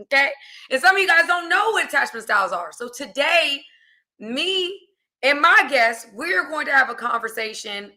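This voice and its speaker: An American woman in young adulthood hosting a casual livestream chat, lively and talkative, calling her audience y'all. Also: on the high side. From United States. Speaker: host.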